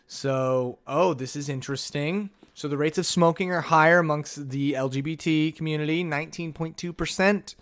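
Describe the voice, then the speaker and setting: Rambling jokey podcast man, slightly high. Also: fairly even intonation, moderate pace, few pauses, a bit bright. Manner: rambling, jokey, reads out notes and stats. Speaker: podcast host. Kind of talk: solo casual podcast chat.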